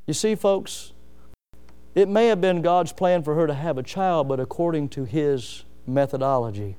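A middle-aged male pastor preaching with passion, his voice climbing to forceful peaks before falling low and hushed. His tone is smooth and resonant, pitched a little high for a man. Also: fairly quick. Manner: impassioned, rising to emphatic peaks then dropping low. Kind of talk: sermon.

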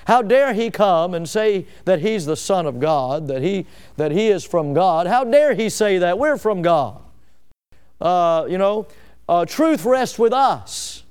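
Smug, scheming religious elders, as a preacher puts them on sneer at a rival in a high voice. The tone is clear and smooth, with a mocking swagger. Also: male voice, expressive, measured pace, darkish tone. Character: proud scheming group of ancient religious leaders.

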